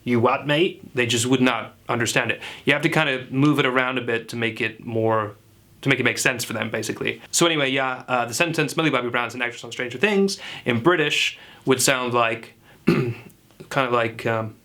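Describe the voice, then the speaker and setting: Man as a smug male dialect coach in a comedy sketch: bright, forceful tone and earnest lecturing. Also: mid-range voice, fairly quick. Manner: earnest, confident pseudo-expert lecturing. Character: self-assured clueless male dialect coach. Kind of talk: parody tutorial sketch.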